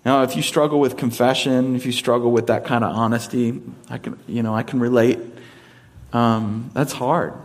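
A man's voice: mid-range voice, steady tone, normal speed. A man preaching a sermon in a casual, conversational way, mixing humor into it. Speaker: pastor.

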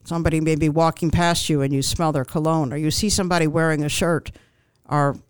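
Appearing as a guest in an interview, a grief counselor offers calm, reassuring advice with frequent ums and restarts. Her voice is low, brisk, and smooth, with no room sound.

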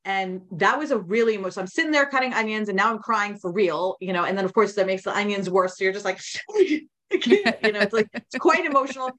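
A woman's voice: mid-range voice, quick pace, few pauses, fairly bright tone. A woman guest on a podcast, telling her personal story in a candid, rambling way, full of restarts and quoted inner thoughts.

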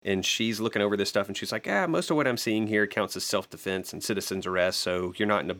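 A man co-hosting a podcast, casually recapping and discussing manga chapters in a relaxed, thoughtful way with fillers. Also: on the low side, fast talker. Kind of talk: casual chat.

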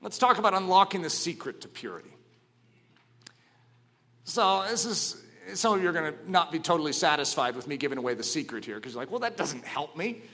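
A man preaching a sermon, telling stories dramatically and swinging from hushed to ringing. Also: fairly high pitch, animated, a little fast.

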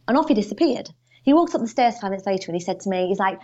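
A woman from the UK, a guest on a podcast, telling stories in an animated, emphatic way. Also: medium pitch, fast talker, muffled recording. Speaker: guest, financial advisor coach. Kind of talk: casual podcast interview.

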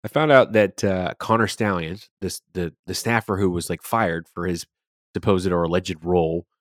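A man's voice: low voice, moderate pace, dry recording, studio quality. A man co-hosting a sports podcast, talking casually and animatedly, swearing freely as he rants about games. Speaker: podcast co-host.

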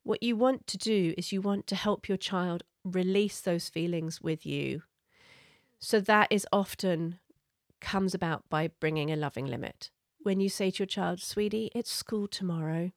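Low-ish calm woman coaching parents, gentle and earnest, dry close sound. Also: moderate pace, dry recording. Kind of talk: parenting advice talk.

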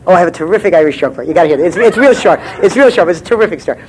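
A man's voice: high-pitched, lively intonation, rapid-fire, darkish tone, slight background noise, low-quality recording. A man giving a comic lecture as a writer, brash and profane, rambling with stammered restarts.

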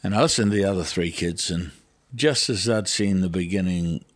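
Low-voiced New Zealand man telling stories. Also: normal speed, no room sound. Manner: lively storyteller who acts out dialogue. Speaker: guest. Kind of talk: storytelling interview.

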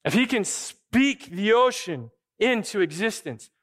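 A man preaching a sermon as pastor, animated and acting out quick imagined dialogue. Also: sits high, big-room sound.

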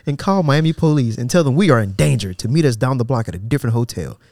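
A man's mid-pitched voice, recorded close and dry with no room sound. He hosts a casual podcast, reading out a thread and breaking off to scoff at it. His delivery is slangy, loose and sarcastic. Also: expressive, fast, darkish tone, no echo. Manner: sarcastic and incredulous, breaks off reading to mock the poster. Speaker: podcast host.

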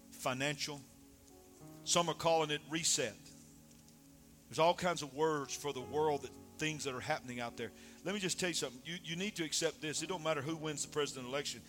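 Preacher guy, high bright voice, swings from quiet to yelling. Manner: animated, swings from soft to shouting. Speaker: pastor. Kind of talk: sermon.

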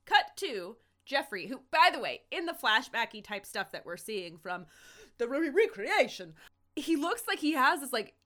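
Brief: casual woman podcast co-host, animated storyteller, lots of fillers. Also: sits high, normal speed. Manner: animated retelling, acts out quotes, many likes and ums. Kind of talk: casual chat recapping a TV episode.

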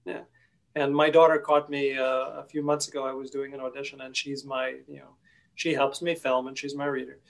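Gravelly, flat-voiced male interviewer. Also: medium pitch, a little fast. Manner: relaxed, hesitant with many fillers. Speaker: interview host. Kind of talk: conversational interview.

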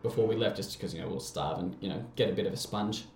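A man's voice: low voice, fast talker, darkish tone, roomy sound, a little hiss or hum. Rambling Australian guy telling stories. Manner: rambling, swearing, laughs often. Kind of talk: casual storytelling chat.

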